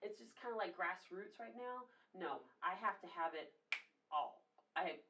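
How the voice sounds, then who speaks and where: A woman with a Southern American accent from the United States, hosting a talk show in casual interview chat, animated and emphatic and laughing often. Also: lowish voice, moderate pace, far from the mic, dull audio, noisy background.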